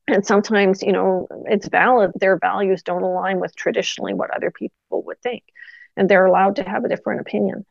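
Middle-aged woman guest, gravelly texture, dry dull recording, lively storyteller. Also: mid-range voice, brisk, no echo. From Canada. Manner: animated anecdotes with quoted dialogue. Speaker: physiotherapist guest. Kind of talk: casual interview storytelling.

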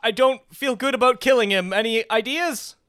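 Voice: mid-range voice, brisk, pushed and bright, clear, resonant tone, no room sound, clean studio sound. A player in a tabletop game chatting casually, playful and self-mocking.

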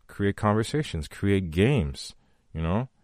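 A man's voice: lowish voice, very animated, takes it slowly, a little mellow, no echo, studio quality. A man hosting a podcast, giving heartfelt motivational talk to his listeners, repeating his key phrases for emphasis. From from a country with long power outages. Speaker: podcast host.

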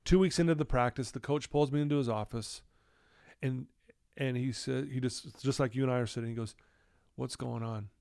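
Gravelly man telling his story. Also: medium pitch, fairly even intonation, a little fast, dry recording, clean studio sound. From Utah. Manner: earnest storytelling, acts out quoted dialogue in a hushed voice. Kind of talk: candid podcast conversation.

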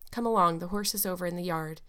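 A woman's voice: lowish voice, fast talker, sharp tone, clear, resonant tone. A woman reading an audiobook, voicing a shy, awkward older farmer man who speaks briefly and hesitantly.

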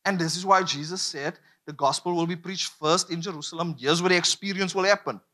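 A man's voice: high voice, fairly quick, sharp tone. A man preaching a sermon, emphatic and repetitive, drawing call-and-response from the congregation.

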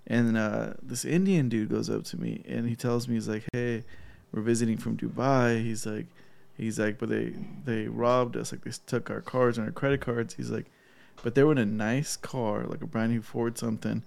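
Gravelly male podcast co-host, relaxed storyteller who acts out quotes. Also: medium pitch, moderate pace. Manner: laughing, animated retelling with quoted voices. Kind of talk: casual storytelling chat.

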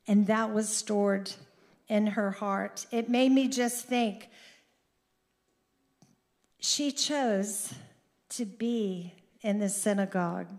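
A middle-aged woman delivers a sermon in an unhurried, deliberate way, her voice sitting a little high. She speaks earnestly and lifts into animated emphasis when she drives a point home. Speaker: speaker giving a devotional.

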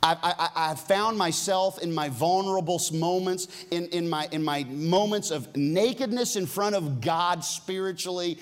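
A man preaching a sermon, swinging from loud, high emphasis down to soft, hushed near-whispers. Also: moderate pace, few pauses. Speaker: pastor.

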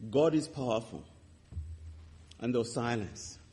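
Husky preacher in a reverberant hall. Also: male voice, medium pitch, expressive, measured pace. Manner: impassioned storytelling with sharp swings between loud and hushed. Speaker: pastor. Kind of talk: sermon testimony.

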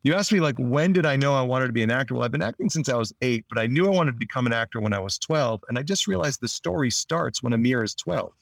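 A man's voice: mid-range voice, fast talker, creaky, hardly any pauses, no echo. Rambling man telling stories, dry sound. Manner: rambling storyteller with frequent restarts; acts out quoted lines in lively voices. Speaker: actor guest. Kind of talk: casual interview talk.

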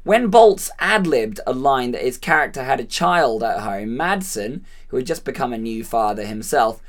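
A woman co-hosting a relaxed conversation about a film, sharing bits of trivia and laughing easily. Her voice sits low but moves up and down with lively, animated pitch. She talks loosely, with plenty of restarts. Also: moderate pace. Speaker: podcast co-host. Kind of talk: casual film chat.

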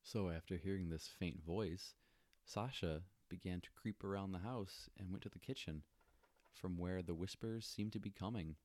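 A man's voice: sits low, normal speed, a little mellow, dry recording. A man co-hosting a podcast in casual chat, laid-back and joking, with frequent "like" fillers. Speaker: podcast co-host.

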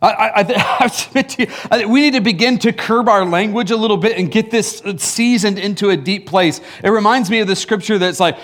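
Male pastor, high voice, relaxed teasing sermon delivery, lots of fillers. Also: brisk, few pauses. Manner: casual and teasing, many fillers and restarts, chuckling asides. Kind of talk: conversational sermon.

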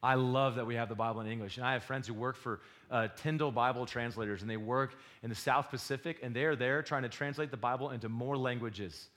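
A man preaching a sermon, swinging between loud exhortation and quiet confession. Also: medium pitch, quick pace, few pauses. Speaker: pastor.

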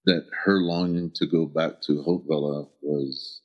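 Middle-aged man from the American Southwest, interview guest, very deep voice, earnest and halting, dull lo-fi recording. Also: fairly even intonation. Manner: earnest, halting, searching for words. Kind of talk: reflective personal storytelling.

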